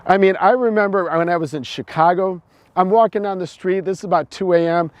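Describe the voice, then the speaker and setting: A middle-aged American man delivers a preachy opinion monologue, repeating words and stumbling into restarts. His voice sits high and brisk on a dry recording.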